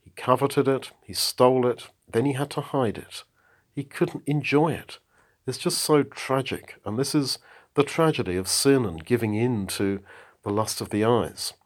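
Male Bible teacher, reflective, steady middle-pitched voice. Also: a little slow. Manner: thoughtful, reflective, reads verses then explains. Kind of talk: spoken Bible commentary.

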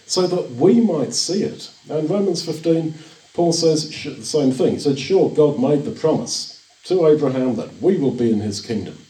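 A man's voice: mid-range voice, warm tone. An older man preaching a sermon in an earnest, reassuring way, often repeating his phrases. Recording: echoey room, distant mic.

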